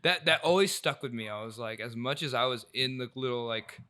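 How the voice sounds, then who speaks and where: Earnest young man, bright edge. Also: mid-range voice, a little fast. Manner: earnest, reflective, quotes friends. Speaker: podcast co-host. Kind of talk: casual chat.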